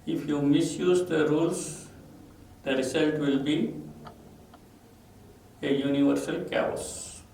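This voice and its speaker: A man's voice: a little high, steady tone, slow, vocal fry, pauses often, a little mellow, distant mic. A man with an Indian English accent, teaching a vocabulary lesson and repeating each word and its meaning with stress. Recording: echoey room, voice off-mic, faint ambient noise.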